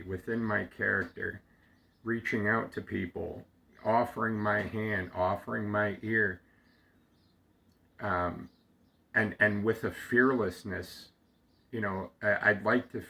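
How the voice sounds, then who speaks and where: A man slowly telling a heartfelt personal story, halting often with fillers and restarts, close to tears at times. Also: on the low side, vocal fry, sharp tone. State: getting emotional. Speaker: storyteller sharing a personal memory. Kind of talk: reflective personal monologue.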